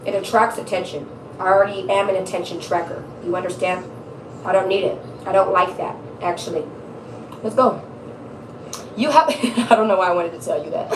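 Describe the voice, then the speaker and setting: A woman's voice: medium pitch, moderate pace, pauses often, distant mic, background noise. A woman giving a casual live tarot reading, chatty and laughing often, swearing freely. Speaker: tarot reader. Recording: echoey room, off-mic.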